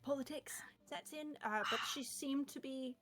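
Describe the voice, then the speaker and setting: A woman's voice: high-pitched, measured pace, a bit bright. A woman playing a doting fairy father who gushes with pride in a tabletop game. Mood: fond. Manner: gushing, fond.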